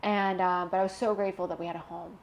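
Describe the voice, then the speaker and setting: A young woman guest telling a personal story in a candid interview, animated and emotional, laughing at times. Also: lowish voice, quick pace, highs cut off, slight background noise.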